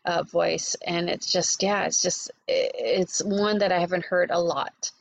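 A woman's voice: fairly low pitch, steady tone, a little slow, vocal fry, a little hiss or hum, low-quality recording. Enthusiastic woman host. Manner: enthusiastic, affirming. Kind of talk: casual interview.

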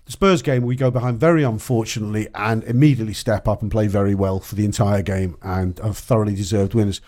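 A man on a football podcast panel, telling stories in animated casual chat and laughing often. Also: lowish voice, fast talker.

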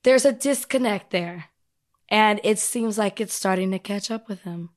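A woman co-hosting a podcast, still recovering from illness and sounding sick, offering measured commentary in casual chat. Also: mid-range voice. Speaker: podcast co-host.

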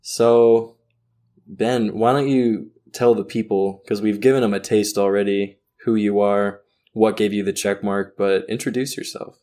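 Podcast cohost guy, lowish voice, deadpan jokes and cussing. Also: unhurried. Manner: jokey, deadpan asides, swears. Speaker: podcast co-host. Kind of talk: casual podcast chat.

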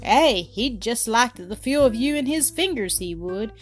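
A woman's voice: on the high side, animated, measured pace, faint music behind. An earnest young Scottish farm boy, as a woman narrator puts him on, speaking in country dialect in a storybook reading. He warns the others with grave concern. The voice stays close to the narrator's own. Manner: warning, earnest, uses dialect words. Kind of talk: storybook character voice.

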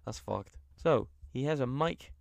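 A man's voice: medium pitch, expressive, measured pace, vocal fry, no room sound, studio quality. A man co-hosting a podcast in casual, joking chat, swearing freely. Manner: loose, joking, swears often. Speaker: podcast co-host.

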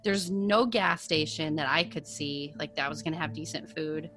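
A woman's voice: low voice, normal speed, fairly bright tone, faint music behind. A woman co-hosting a casual chat, recounting a road trip with many "like" fillers. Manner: rambling, frequent "like" fillers. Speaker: podcast co-host.

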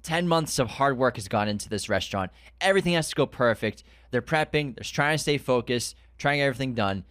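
A man co-hosting a podcast, recapping a TV episode in a casual chat, animated and swearing, acting out scenes in a raised voice. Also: medium pitch, fairly quick, hardly any pauses, dry recording, studio quality. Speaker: podcast co-host.

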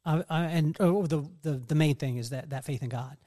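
A man's voice: fairly high pitch, normal speed. A man hosting a podcast in casual chat, telling stories animatedly and laughing often. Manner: animated storytelling, mimics others' voices. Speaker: podcast host.

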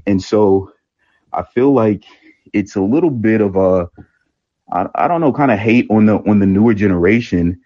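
Deep-voiced young man calling in. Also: normal speed, warm tone, no room sound. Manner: earnest, thoughtful, many ums and restarts. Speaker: caller. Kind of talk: opinion call-in. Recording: dry lo-fi online audio.

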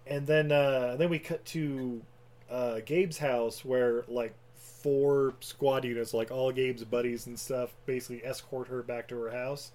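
A man's voice: medium pitch, fairly even intonation, a little slow, darkish tone. Rambling, laughing man recapping a movie. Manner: rambling, laughing, full of fillers. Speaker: podcast co-host recapping a movie. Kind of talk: casual chat.

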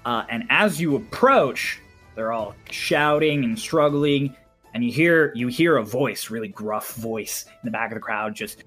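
A man runs a tabletop game, laying out each scene slowly and carefully. His voice sits in a middle register and he takes his time over each detail. Faint music plays behind him. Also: mid-range voice, animated, sharp tone. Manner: unhurried, descriptive, with small fillers. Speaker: game master.

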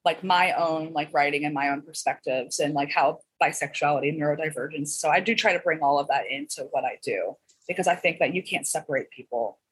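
Husky low-voiced earnest guest. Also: female voice, fairly quick, low-quality recording. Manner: earnest, spells words out. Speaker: magazine writer guest. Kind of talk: casual chat.

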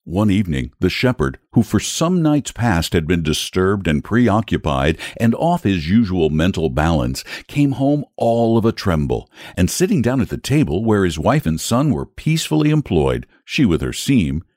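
A man reading a storybook aloud as narrator, in a measured, expressive storytelling manner. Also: low voice, no room sound, studio quality.

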